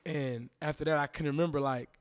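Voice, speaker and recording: Podcast guest, man in his 30s, slightly high voice, lively storyteller who acts out quotes. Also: fairly quick, clean tone. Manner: animated, acts out quoted voices, repeats phrases. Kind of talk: casual storytelling interview.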